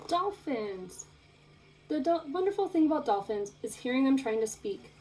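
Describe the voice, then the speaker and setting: Expressive young woman teacher reading aloud. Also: high-pitched, normal speed, poor audio. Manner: expressive, playful storytelling. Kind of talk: reading aloud a picture book to children.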